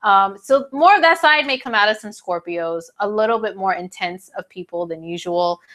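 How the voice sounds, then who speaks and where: A woman talks through astrology to her viewers in a loose, chatty way, full of slang and fillers. Her voice sits at a middling pitch and sounds a little stuffy from her sinuses. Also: moderate pace, fairly bright tone. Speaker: astrology video host. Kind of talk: casual talk to camera.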